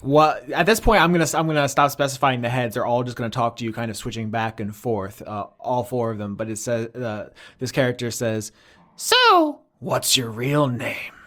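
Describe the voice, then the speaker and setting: A man narrating a tabletop game as game master, animated with quick asides. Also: medium pitch.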